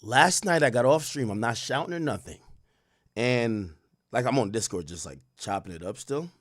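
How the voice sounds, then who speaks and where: A man's voice: medium pitch, animated, moderate pace, no room sound, studio quality. A young man hosting a casual livestream, talking loosely and reading out and answering his chat as it comes in. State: worried about losing his voice. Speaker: livestream host.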